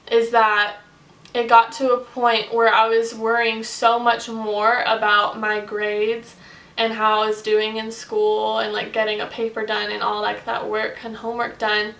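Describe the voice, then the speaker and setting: A young woman confides in a casual vlog, her fairly high voice staying level and even rather than rising and falling. She fills her sentences with "like" and "um." She sits back from the mic in an echoey room. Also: gravelly, far from the mic. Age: young adult. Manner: earnest and confiding, with frequent "like" and "um" fillers. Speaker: vlogger.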